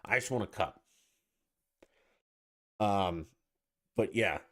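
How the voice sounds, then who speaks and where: A man's voice: lowish voice, slow. A man hosting his own podcast alone, talking in a blunt, irritated and profane way. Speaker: podcast host. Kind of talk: casual solo podcast rant.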